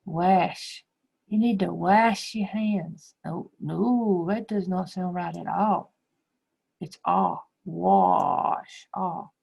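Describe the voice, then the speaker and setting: A middle-aged woman teacher explaining phonics to young children slowly and patiently. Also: medium pitch, vocal fry, warm tone, husky, poor audio. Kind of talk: recorded phonics lesson.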